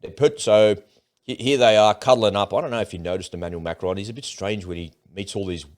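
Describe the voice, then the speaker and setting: A man hosts a casual talk show about world news. His voice sits a little low, and he talks in a loose, rambling way, often restarting his sentences. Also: fast. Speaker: host. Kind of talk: casual political commentary.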